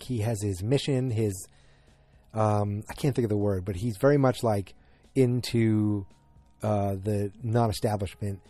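A man casually recapping a TV episode, halting and rambling with frequent restarts. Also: fairly low pitch, mellow, no echo. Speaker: show recap host.

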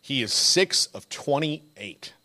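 A man's voice: mid-range voice, takes it slowly. A man co-hosting a sports podcast, telling stories in casual chat and laughing through them. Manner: animated storyteller, laughs through his anecdotes. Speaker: podcast co-host.

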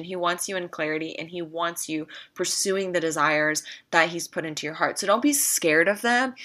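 A Christian vlogger with a lowish, fairly bright voice talks casually to viewers about faith. She is earnest and emphatic, repeating phrases for stress.

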